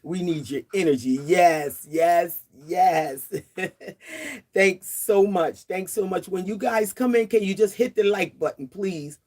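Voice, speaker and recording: A woman's voice: mid-range voice, lively intonation, measured pace, darkish tone. A woman in her sixties hosting a casual livestream chat outdoors, chatty and laughing often as she greets viewers. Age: 60s. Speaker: livestream host.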